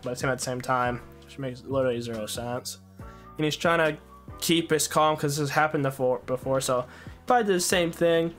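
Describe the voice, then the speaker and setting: A man's voice: medium pitch, fairly quick, fairly bright tone, soft background music. A young man casually recounting a dispute with another gamer, rambling and complaining with many fillers. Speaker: gaming YouTuber.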